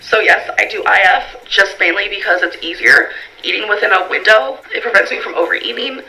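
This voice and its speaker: A woman's voice: medium pitch, brisk, sharp tone, slight background noise, poor audio. A woman answering viewer questions in a casual vlog, rambling with lots of fillers and reading the questions aloud. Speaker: vlogger.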